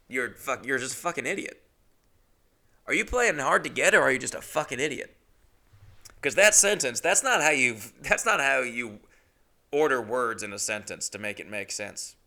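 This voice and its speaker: A young adult podcast host tells a comic story solo in a bright voice with a gravelly edge, speaking at a moderate pace with long pauses. He's animated and indignant, and his pitch swings widely as he quotes people in squeaky, exaggerated high voices.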